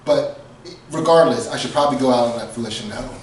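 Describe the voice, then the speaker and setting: A fast-talking man with a mid-range voice co-hosts a podcast, casually telling a comedic story, laughing often and acting out quotes. The room is echoey and he's far from the mic, with slight background noise.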